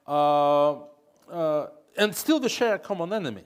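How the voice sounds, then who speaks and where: A man's voice: a little high, lively intonation, unhurried, clean tone. A man, answering interview questions in English with frequent fillers and restarts. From Russia. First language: Russian. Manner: hesitant, many fillers and restarts. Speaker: interview guest, opposition politician.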